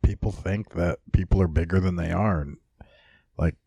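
A man with a somewhat low voice argues his points bluntly and with lots of swearing. The sound is dry and close, a casual podcast conversation. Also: fairly even intonation, normal speed, vocal fry, warm tone, slightly rough, no room sound. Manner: blunt, profane, argumentative. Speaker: podcast co-host. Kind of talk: casual wrestling chat.

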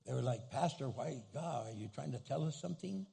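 A male pastor preaching a sermon with a husky voice, animated and playful, acting out grumpy people in comic asides. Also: medium pitch, brisk. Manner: animated, acts out angry churchgoers in comic asides.

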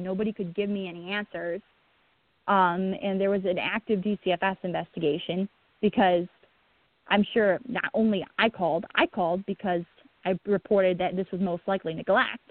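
A woman, a guest on the show, telling a painful personal account in a halting way, with many restarts and a breaking voice. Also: mid-range voice, no echo. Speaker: guest, bereaved mother. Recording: tinny phone line.

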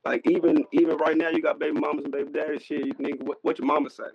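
Man, 30s, gravelly voice, blunt and slangy, casual podcast debate, dull dry sound. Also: a little high, flat delivery, racing, no echo. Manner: blunt, slangy, emphatic, repeats himself. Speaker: podcast co-host. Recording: lo-fi dry recording.

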